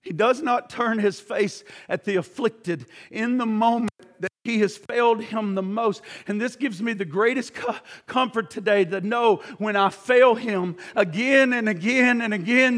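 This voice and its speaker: High, gravelly, impassioned male preacher. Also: a little slow, few pauses, big-room sound. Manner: impassioned, swings between shouting and hushed. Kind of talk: sermon.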